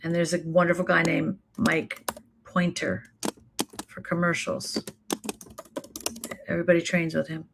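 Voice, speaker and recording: A woman's voice: lowish voice, flat delivery, creaky, noisy background. A woman acting coach and talent manager, emphatic and encouraging, answering chat questions in a live online class. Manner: emphatic, encouraging, stacks quick lists.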